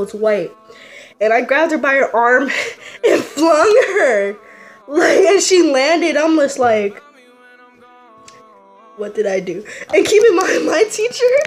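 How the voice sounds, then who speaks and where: A teenage girl vlogging a casual storytime, animated and laughing as she tells it. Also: high voice. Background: faint music.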